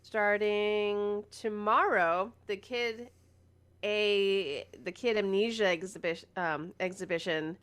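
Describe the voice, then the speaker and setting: A woman co-hosting a casual gaming news chat, chatty and giggly with quick asides. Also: mid-range voice, fairly even intonation, a bit bright, smooth. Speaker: podcast co-host.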